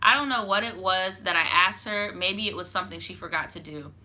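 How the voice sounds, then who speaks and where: A young woman on a storytime channel reads a viewer's tale in a medium-pitched, sharp voice, a little quickly. Her frequent asides are sassy, candid and profane, heavy on "like."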